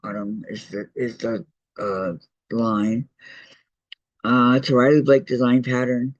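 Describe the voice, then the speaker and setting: A man's voice: medium pitch, flat delivery, unhurried, dry recording, dull audio. A man hosting a quilting shop's online meeting. He talks casually through a crafting demonstration, muttering to himself as he works and reading out viewer messages.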